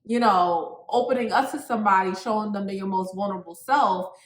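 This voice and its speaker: A woman's voice: medium pitch, a little fast. Emphatic woman co-host in an echoey room. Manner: animated, emphatic, repeats "like". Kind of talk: casual reality-TV recap chat.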